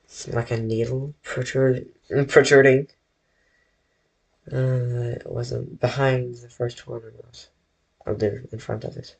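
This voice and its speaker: A man talks his viewers through a drawing on a live stream, in an unhurried, rambling way with frequent self-corrections. His pitch sits in a middle register, and he speaks from his bedroom into a desk mic. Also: flat delivery, gravelly, slightly rough. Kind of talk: casual live-stream chat while drawing.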